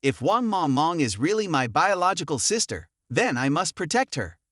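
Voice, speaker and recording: A man voicing a calm, morally rigid young man who speaks firmly. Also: fairly high pitch, normal speed, no echo, clean studio sound.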